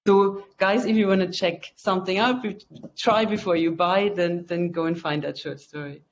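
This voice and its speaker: An author hosting a relaxed online book event, talking loosely with lots of fillers. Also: medium pitch, normal speed, slight background noise. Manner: chatty, loose, with frequent fillers. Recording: dull lo-fi call audio.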